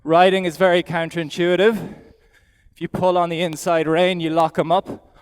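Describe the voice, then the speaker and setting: A middle-aged Irish man coaches aloud from the saddle in a chatty, self-deprecating way. His voice is smooth and fairly high for a man. A long reverb from a big indoor arena follows every word. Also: level tone, normal speed. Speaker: event rider giving a riding demonstration. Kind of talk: live demonstration commentary.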